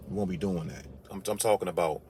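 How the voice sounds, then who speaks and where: A low-pitched man spins an animated monologue, leaning hard on his points and jumping up in pitch when something strikes him as outrageous. He has an emphatic, incredulous delivery. A faint background hiss sits under his voice. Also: fast.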